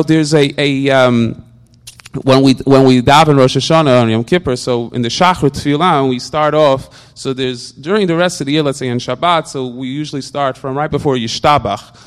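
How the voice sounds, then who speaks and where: A man with a smooth, medium-pitched voice gives a loose religious talk. He asks many animated rhetorical questions and often gets caught repeating a word in stammering restarts.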